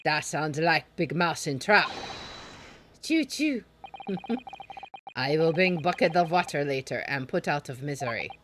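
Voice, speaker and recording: A woman voicing a gruff, burly male ship crewman who speaks in clipped, broken English. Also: sits low, a little slow, fairly bright tone, slight background noise, voice pushed down.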